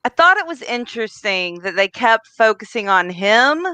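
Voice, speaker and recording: A woman's voice: on the high side, big pitch swings, moderate pace, bright, forceful tone, clear, resonant tone, no room sound. A woman co-hosting a podcast in casual chat, mostly giving short agreeing replies and laughing. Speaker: podcast co-host.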